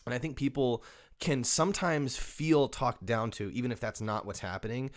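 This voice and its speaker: A man's voice: medium pitch, moderate pace. A man hosting a podcast, talking through his thoughts casually, often restarting and repeating words. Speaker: podcast host. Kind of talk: casual conversation.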